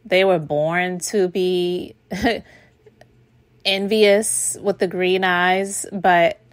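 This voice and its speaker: Quick, sardonic woman podcast host. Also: lowish voice, steady tone, no room sound. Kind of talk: casual commentary.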